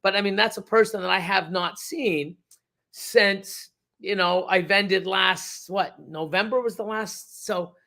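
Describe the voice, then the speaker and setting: A man's voice: high-pitched, a little slow, gravelly, pushed and bright. A middle-aged man hosting a casual livestream, rambling with many fillers and restarts as he reads the chat. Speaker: reptile breeder hosting a livestream.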